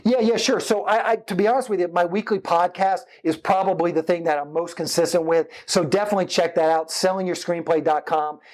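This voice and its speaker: A man's voice: high voice, fairly even intonation, a little fast, few pauses, darkish tone. A middle-aged man, a filmmaker guest, chatting and giving advice in a rambling, casual interview.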